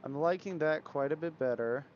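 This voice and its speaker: A man's voice: a little high, moderate pace, highs cut off, slight background noise. Man musing aloud over a building game. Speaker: gaming livestreamer. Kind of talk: casual gameplay commentary.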